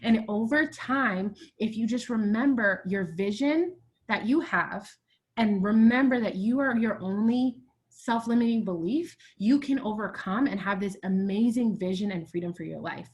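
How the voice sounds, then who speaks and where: A woman hosts a team call and speaks with emphatic, emotional encouragement. Her pitch sits in a middle range and her delivery is motivational and direct. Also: normal speed, darkish tone. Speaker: team leader hosting a group call.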